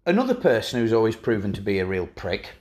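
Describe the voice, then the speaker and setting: A man's voice: lowish voice, sing-song, quick pace, a little mellow. A man co-hosting a podcast, chatting casually in a teasing, sardonic way, swearing now and then. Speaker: podcast co-host. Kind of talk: casual chat.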